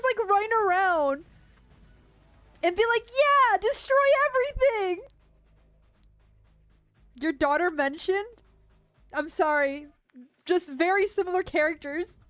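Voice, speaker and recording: A woman streamer chatting casually during a game, gushing excitedly about the characters. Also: extremely high pitch, no room sound. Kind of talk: casual chat while playing a game.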